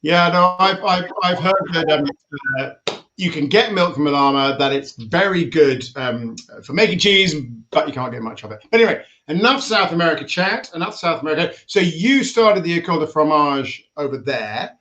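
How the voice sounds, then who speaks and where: A man with a high voice hosts a casual stream. He is chatty and playful, and he teases and jokes as he talks. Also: lively intonation, moderate pace, pushed and bright. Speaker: host. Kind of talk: casual live-stream chat.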